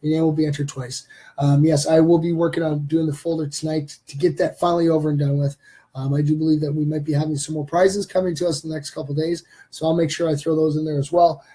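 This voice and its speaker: Husky mellow-voiced man hosting a live stream. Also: on the high side, little pitch movement, quick pace. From Canada. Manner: rambling with many fillers. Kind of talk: casual live stream chat.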